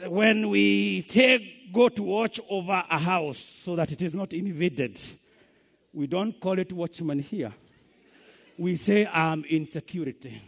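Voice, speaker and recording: A man's voice: sits high, takes it slowly, vocal fry. A man with a Kenyan accent preaching a sermon, emphatic and switching between English and Swahili.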